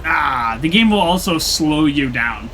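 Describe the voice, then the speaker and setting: A man's voice: on the high side, animated, unhurried, bright, forceful tone, faint music behind, poor audio. A young man streaming a video game, chatting casually and joking with mock indignation. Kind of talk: casual gameplay commentary.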